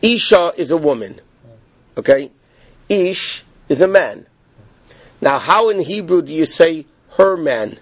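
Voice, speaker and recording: Slow and animated, with long pauses, a man with a voice on the high side teaches a Torah class, explaining a text step by step. He repeats points and checks in with his students with "okay?". The audio is dull, lo-fi and dry, without echo.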